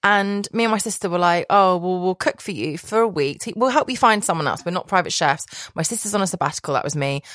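A woman's voice: on the low side, a bit bright, no room sound, clean studio sound. A woman guest telling a long rambling story in casual chat, laughing often and correcting herself. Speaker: podcast guest, private chef.

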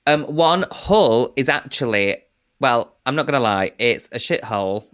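A man's voice: mid-range voice, lively intonation, a little slow, a bit bright, dry recording, studio quality. A man, a guest comedian talking in a frank, chatty and cheeky way. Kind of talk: casual chat.

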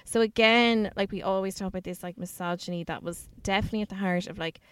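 An Irish woman chatting on a podcast, spinning a story with plenty of "like" and a casual swear here and there. Her voice is smooth and clean, sitting at an ordinary middle pitch. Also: steady tone, quick pace. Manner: chatty storyteller, filler-heavy, swears freely. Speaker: podcast co-host. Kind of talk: casual chat.

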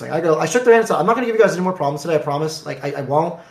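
Man animated retelling in an echoey room. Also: fairly high pitch, rapid-fire, few pauses. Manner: animated, acts out dialogue in quotes. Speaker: card game player. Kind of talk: casual storytelling.

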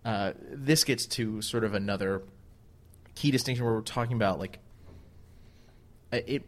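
A man co-hosting a casual chat, rambling and hedging with many fillers and restarts. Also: on the low side. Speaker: podcast co-host.

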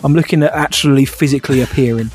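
A man's voice: mid-range voice, fast, a little mellow, faint music behind. A man co-hosting a podcast, chatty and often laughing. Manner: chatty, laughs often, says mate a lot. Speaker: podcast co-host. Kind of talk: casual podcast banter.

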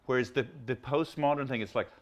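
Rambling, foul-mouthed older host. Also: male voice, medium pitch, brisk, a little hiss or hum. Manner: rambling, swears freely, many restarts. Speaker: podcast host. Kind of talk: casual conversation.

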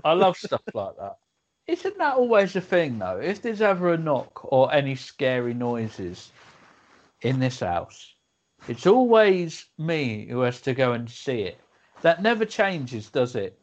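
A man, co-hosting a podcast and trading quick jokes in casual chat. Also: mid-range voice, wildly swooping pitch, dull audio. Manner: jokey, quick quips. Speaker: podcast co-host.

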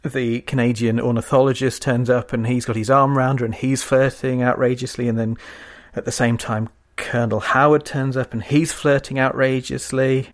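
A man co-hosting a podcast, talking fluently and enthusiastically in a casual chat. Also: mid-range voice. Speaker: podcast co-host. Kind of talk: casual chat about an old TV series.

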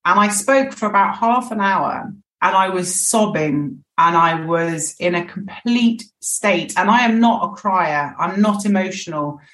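A woman's voice: lowish voice, lively intonation, measured pace, few pauses, a bit bright. A woman speaking as a podcast guest, frank and reflective, often restarting her phrases. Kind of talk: candid podcast conversation. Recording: echoey, distant mic.

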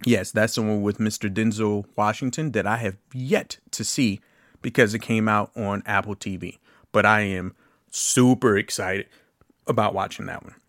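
Guy in his late 30s doing his movie podcast, low voice, rambly and casual, swears a bit. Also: fairly even intonation, moderate pace, fairly bright tone, dry recording, clean studio sound. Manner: chatty and loose, with asides, curse words and laughter. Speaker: podcast host. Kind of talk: casual film review chat.

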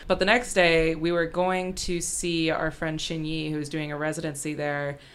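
A woman's voice: sits low, normal speed. Young woman telling a story, laughing. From United States. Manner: animated storyteller, laughs through her lines. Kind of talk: casual chat, storytelling.

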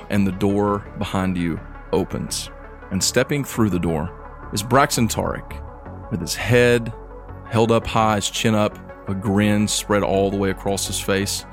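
A man narrating as game master, describing the scene in a relaxed way with casual fillers. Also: lowish voice, unhurried, faint music behind.

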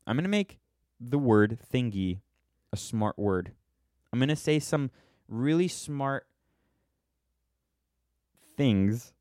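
A man's voice: on the low side, a little mellow, no room sound, clean studio sound. A man in his thirties hosting a livestreamed podcast, talking in a rambling, sarcastic way with many restarts. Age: 30s. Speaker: podcast host. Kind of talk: livestreamed monologue.

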